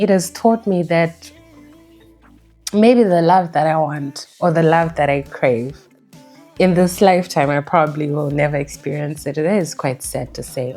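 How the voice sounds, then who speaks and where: A young woman from Zimbabwe, talking candidly and reflectively in a personal vlog chat, with halting restarts. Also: low-pitched, dark tone. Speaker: book vlogger.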